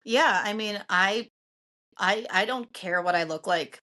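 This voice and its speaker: A woman's voice: mid-range voice, a little slow, sharp tone. A woman from the co-hosting a podcast, speaking in an earnest, heartfelt and defiant way in casual chat. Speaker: podcast co-host.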